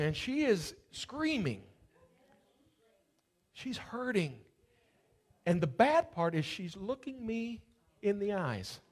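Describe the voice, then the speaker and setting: A man with a high voice preaches a sermon. He tells a personal story, then builds to fervent, rising preaching. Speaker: pastor.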